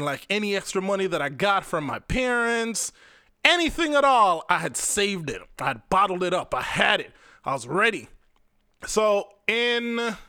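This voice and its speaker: A man's voice: high voice, sharp tone, clean tone, no echo, clean studio sound. A young Jamaican man hosting a podcast, telling a personal story in a casual, rambling, profane way and speaking straight to his listeners. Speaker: podcast host.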